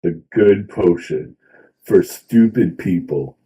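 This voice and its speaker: A man's voice: sits low, expressive, slow, dark tone, slightly rough, rough recording. A man playing in a tabletop game, chatting casually with dry, blunt quips. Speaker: player.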